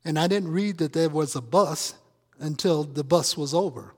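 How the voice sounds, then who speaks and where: A man's voice: on the high side, normal speed, big-room sound. A male pastor preaching a conversational sermon, teasing his congregation with questions and asides. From Chicago. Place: church sanctuary.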